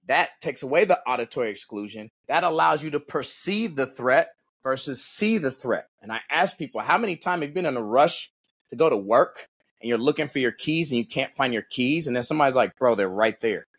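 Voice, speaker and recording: A man's voice: medium pitch, a little fast, husky. A man who is a guest on a podcast and works as a combat coach, talking casually and acting out quoted lines as he tells stories. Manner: animated storyteller, acts out quotes, peppers talk with "right?" and "bro".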